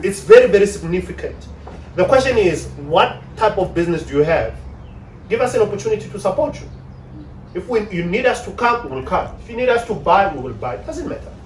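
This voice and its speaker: A South African man giving an animated motivational talk on relationships to an audience. He acts out the voices of the people he quotes. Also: sits high. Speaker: relationship speaker. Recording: echoey room, distant mic, faint hum.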